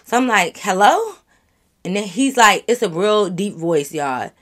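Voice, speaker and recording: Chatty woman doing a storytime vlog, super animated, talks right to the viewers. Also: medium pitch, normal speed. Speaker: vlogger.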